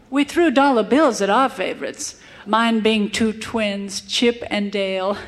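A woman doing a prim young New Yorker lady. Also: fairly high pitch. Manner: prim and affected.

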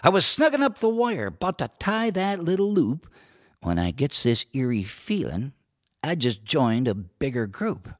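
A man reciting cowboy poetry and singing, with a lively drawl. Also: moderate pace. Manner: lively drawl with broad swings of pitch. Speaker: cowboy poet and singer. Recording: dry studio recording with guitar.

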